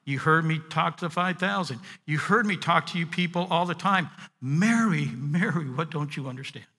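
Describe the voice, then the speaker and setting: A man's voice: fairly high pitch, normal speed, bright, forceful tone, breathy edge, in a large hall, full character voice. A man preaching, voicing a grown male teacher who mildly rebukes a grieving follower in a kind, questioning way. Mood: gently rebuking. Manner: mild, patiently questioning rebuke.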